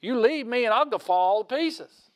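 A man giving a conversational sermon in a folksy way, asking his listeners questions and swinging from loud to hushed. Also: very high-pitched, animated, normal speed, no echo. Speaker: preacher.

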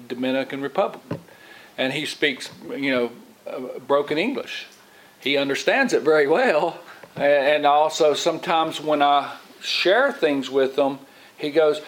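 A middle-aged man preaching an informal Bible lesson in a slightly higher-pitched voice. He rambles, restarts his sentences and repeats words, and he often acts out other people's lines as he goes. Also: normal speed, rough recording. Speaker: lay preacher, Bible teacher. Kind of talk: informal sermon.

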